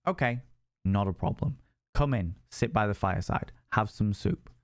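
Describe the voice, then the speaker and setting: A man's voice: on the low side, moderate pace, no room sound, clean studio sound, close to an everyday voice. A man voicing a sinister little old woman spirit in a told ghost story, speaking politely and hospitably. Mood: sweetly offering.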